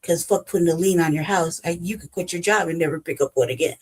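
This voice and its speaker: Woman host with African American English, blunt and profane, lower voice, casual reaction talk. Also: fast talker, a little mellow, a little hiss or hum, low-quality recording. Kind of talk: casual commentary.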